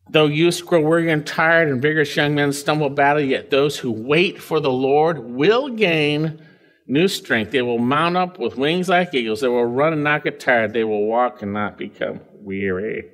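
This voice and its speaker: Emphatic preacher man, slightly high voice. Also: measured pace, fairly bright tone. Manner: emphatic, pitch rising and dropping widely between phrases; conversational asides to the congregation. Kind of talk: expository sermon.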